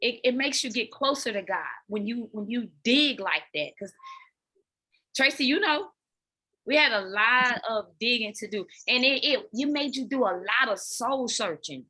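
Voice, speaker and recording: A woman guest on a podcast, candidly telling her personal story in an animated way, often talking straight to listeners and repeating words as she goes. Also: a little high, moderate pace, husky. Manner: animated, addresses listeners as y'all, repeats words when emotional. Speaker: podcast guest, dance fitness coach.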